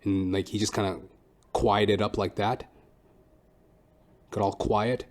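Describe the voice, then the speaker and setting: A young man hosting a podcast, telling stories in a casual monologue that is profane and animated. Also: fairly low pitch, a little slow, pauses often. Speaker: podcast host.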